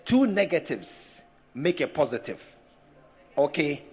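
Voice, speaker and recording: A man preaching a sermon to a congregation, animated, with laughing asides and drawn-out emphasis. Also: on the high side, slightly rough. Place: large hall with congregation. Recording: echoey hall from a distance.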